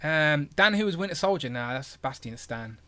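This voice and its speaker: A man's voice: on the high side, animated, fairly quick, sharp tone, slight background noise. A man hosting a toy collecting livestream in casual chat, rambling, laughing often and joking at his own expense.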